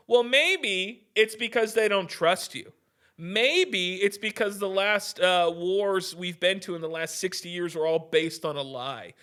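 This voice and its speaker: A fairly high-pitched young man rants into his podcast mic, heated and profane. He stumbles through restarts and keeps calling the listener "dude." The talk is casual and loose. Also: unhurried, bright, forceful tone, clean tone. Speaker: podcast host. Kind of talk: casual ranting podcast monologue.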